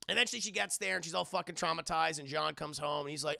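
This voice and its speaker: Gravelly young man rambling through a film recap. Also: fairly high pitch, steady tone, rapid-fire, few pauses, pushed and bright, dry recording, studio quality. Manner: rambling, hesitant, swears often. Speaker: streamer reviewing a film with live chat. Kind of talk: casual profane movie recap.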